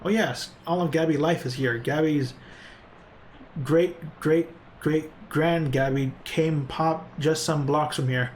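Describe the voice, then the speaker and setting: A man's voice: on the high side, steady tone, slow pace, a little hiss or hum. A man voicing an eager young goblin flapper woman who speaks of herself in the third person.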